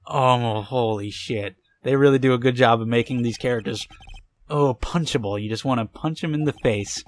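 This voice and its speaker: Swearing, excitable young gamer guy. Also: medium pitch, a little fast. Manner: excitable, swears a lot, angry outbursts. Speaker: let's play gamer. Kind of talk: casual gameplay commentary.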